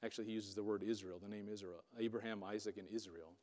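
A man preaching a sermon, retelling scripture as lively storytelling with sarcastic asides. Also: on the low side, fast. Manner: animated storytelling, voicing quotes with sarcasm. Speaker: pastor. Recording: long hall reverb.

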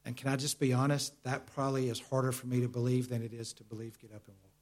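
Earnest preacher, slowing for emphasis. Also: male voice, mid-range voice, level tone. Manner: earnest, confessional, with hesitant repetitions; slows down for emphasis, drops to a soft voice. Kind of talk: sermon.

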